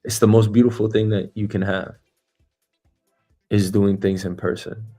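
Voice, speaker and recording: A man's voice: level tone, dark tone, soft background music. A man hosting a casual livestream, talking in a profane, rambling way and acting out little scenes. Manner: profane, rambling, acts out scenes with big pitch jumps and drawn-out words. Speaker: show host.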